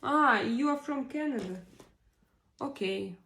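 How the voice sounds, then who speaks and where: A woman's voice: sits high, animated, a bit bright. A woman, hosting a casual live stream and reading out viewer comments while she hunts for English words. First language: Russian. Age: 40s. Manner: halting, searching for words with many pauses. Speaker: livestream host.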